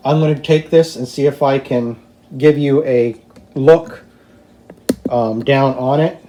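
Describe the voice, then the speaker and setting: A man hosting a home cooking video, talking slowly and easily to viewers as he plates and tastes a dish in his kitchen. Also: mid-range voice, roomy sound, slight background noise. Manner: slow, relaxed, talks to viewers while tasting. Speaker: home cooking show host. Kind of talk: casual cooking demonstration.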